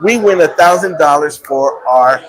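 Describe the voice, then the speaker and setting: High-voiced animated male storyteller. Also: normal speed, poor audio. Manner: animated storyteller, acts out quotes, laughs often. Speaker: show host. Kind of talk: casual live-stream storytelling. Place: restaurant.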